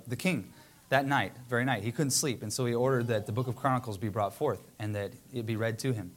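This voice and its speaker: A man reading scripture aloud and then retelling it casually as a preacher, with frequent fillers and restarts. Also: medium pitch.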